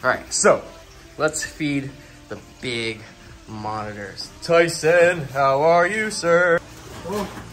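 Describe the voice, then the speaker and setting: In a casual vlog, a tattoo artist and reptile keeper talks to the camera about feeding his reptiles and about tattooing. He's energetic and chats to his animals, speaking slowly in a fairly high voice over music.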